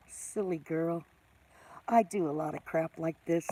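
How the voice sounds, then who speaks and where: A woman's voice: fairly low pitch, expressive, measured pace, long pauses, warm tone. A middle-aged woman hosting a casual live stream, greeting viewers by name and teasing herself.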